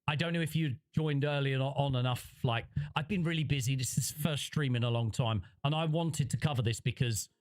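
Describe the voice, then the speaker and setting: A man rambling through livestream commentary, reading chat and restarting his sentences often. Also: medium pitch. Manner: rambling, conversational, frequent restarts.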